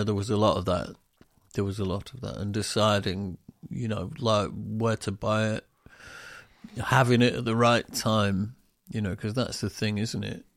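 A man's voice: on the low side, no echo, clean studio sound. A man co-hosting a podcast, rambling in casual chat and acting out other people's questions in a raised voice. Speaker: podcast co-host.

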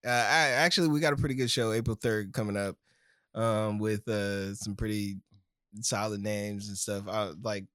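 Guy laughing thru his stories, brightish voice, dry close mic, casual podcast chat. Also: lowish voice, steady tone, moderate pace, clear, resonant tone, dry recording. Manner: laughs through his stories, acts out quotes. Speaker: comedian guest.

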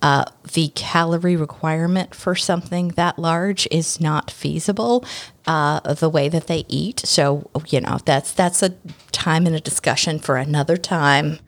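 Lower-pitched woman co-hosting a podcast. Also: a little slow. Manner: chatty, analytical, laughs often. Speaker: podcast co-host. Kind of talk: casual book club chat. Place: studio.

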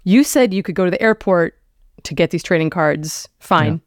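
A woman's voice: lowish voice, dry recording, clean studio sound. A young woman co-hosting a podcast, chatting casually in a teasing way and laughing easily. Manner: teasing, animated, quick to laugh. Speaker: podcast co-host. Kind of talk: casual chat.

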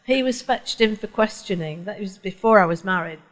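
A woman's voice: medium pitch, moderate pace, low-quality recording. A woman from the audience telling a story with wry, dry humor. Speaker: audience member.

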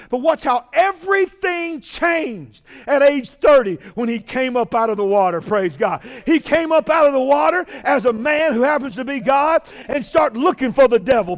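A man preaching a fiery sermon, shouting and drawing out key phrases and calling out to the congregation. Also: extremely high pitch. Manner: shouting, drawn-out emphatic preaching with call-outs to the congregation.

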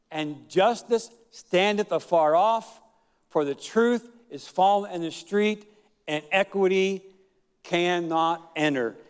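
High-voiced preacher man in a reverberant hall. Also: clean tone. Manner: storytelling preacher, fillers, shouted emphasis, drawn-out words. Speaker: pastor. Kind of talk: sermon.

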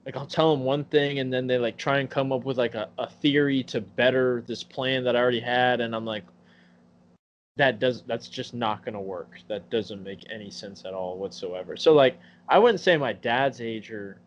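A man's voice: medium pitch, moderate pace. A man in his twenties chatting on a podcast, blunt and full of swearing as he rants through stories. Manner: blunt, profane ranting storyteller. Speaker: podcast co-host. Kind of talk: casual chat. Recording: muffled recording with faint hum.

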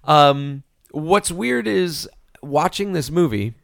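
A man's voice: on the high side, expressive, slow, creaky, fairly bright tone, no echo, studio quality. A man co-hosting a movie podcast, talking enthusiastically in a casual chat with rambling restarts. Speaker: podcast co-host.

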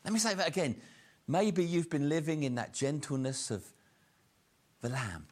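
A man preaching a sermon earnestly, slowing down to stress key lines. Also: medium pitch, expressive, darkish tone. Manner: earnest, slows down for emphasis.

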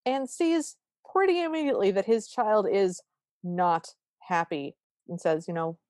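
A woman's voice: medium pitch, unhurried, no echo. A woman co-hosting a podcast, recapping a film in casual chat and acting out the characters' lines. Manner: animated storytelling, acts out quoted lines. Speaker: podcast co-host.

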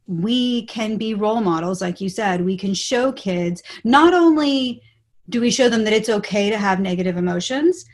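A woman's voice: medium pitch, moderate pace. Upbeat woman explaining as an expert guest. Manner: explanatory, upbeat, animated when quoting. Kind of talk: podcast interview.

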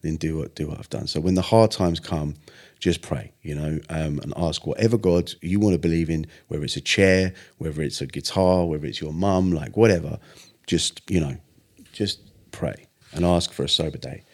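A young man with a very deep, low voice recounts his life in a relaxed interview. He talks earnestly, slipping into the voices of people in his story to act out what they said. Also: moderate pace. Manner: earnest, animated retelling with acted-out quotes. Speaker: podcast guest, vocalist.

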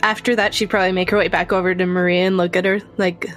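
A woman describing her character's actions in a tabletop game, relaxed and easygoing. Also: on the low side, fast, soft background music. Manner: relaxed, laughs often. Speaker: player. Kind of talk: casual tabletop play.

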